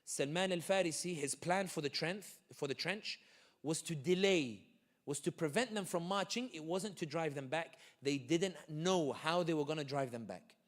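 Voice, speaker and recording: A man giving an animated, joking community talk full of stories and quick asides. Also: a little high. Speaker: guest speaker. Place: community center hall.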